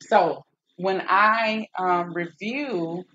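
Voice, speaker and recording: A woman's voice: lowish voice, very slow, fairly bright tone, highs cut off, a little hiss or hum. A woman hosting a live-stream explainer, working methodically through a list of figures with frequent checks of "okay?". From United States. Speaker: host.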